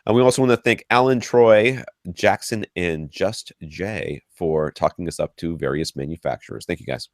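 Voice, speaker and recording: A man around forty hosting a podcast, telling ranting stories in a casual, animated way with lots of restarts. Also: sits low, normal speed, few pauses, no room sound, studio quality. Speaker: podcast host.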